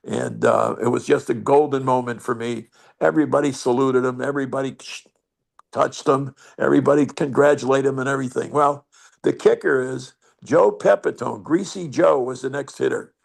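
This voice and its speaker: Gravelly older man telling salty stories. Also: medium pitch, steady tone, normal speed. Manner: rambling, salty storytelling. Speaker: guest storyteller. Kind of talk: anecdote over video call. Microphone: video call.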